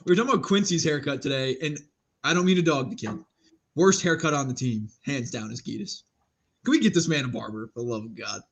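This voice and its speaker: A male podcast co-host chatting loosely with his friends during a live game. He jokes, laughs often and slips into long, animated stories. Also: medium pitch, fast talker, creaky, breathy edge. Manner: laughing, storytelling, joking. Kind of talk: casual watch-party chat.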